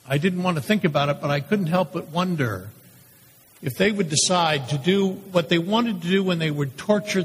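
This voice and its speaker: A man voicing a condemned male prisoner awaiting crucifixion, telling his story in a first-person dramatic monologue with intense pauses. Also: a little high, slightly rough. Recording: long hall reverb.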